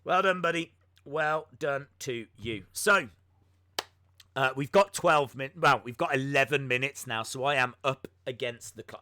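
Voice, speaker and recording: A man's voice: medium pitch, moderate pace, pushed and bright, no echo, clean studio sound. A man hosting a wrestling podcast live stream, chatting casually and mocking himself, with lots of ums and uhs. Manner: chatty and self-mocking, with many filler words.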